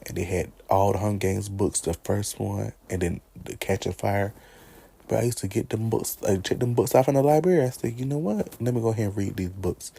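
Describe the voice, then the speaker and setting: Young man vlogger, husky and dark-toned, animated, laughs, talks back at characters. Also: lowish voice, fairly quick. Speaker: vlogger ranking favorite movies. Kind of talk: casual chat.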